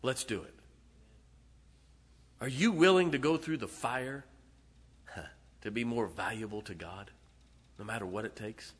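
A man preaching a sermon as pastor, emphatic and laughing between lines, swinging from loud to soft. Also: mid-range voice, a little slow, pauses often, breathy edge. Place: large church auditorium. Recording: long hall reverb.

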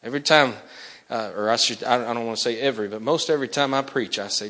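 A man's voice: mid-range voice, quick pace, bright, forceful tone. A man preaching an impassioned sermon, urgently pressing the listeners and breaking into acted-out dialogue.

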